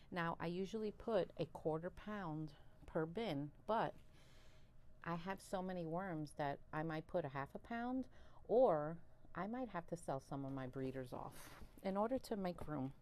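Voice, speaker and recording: A woman vlogging about her worms, chatty and excitable, laughing often, a little out of breath. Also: fairly low pitch, slight background noise. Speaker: worm farmer and channel host. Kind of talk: casual chat to camera while handling worms.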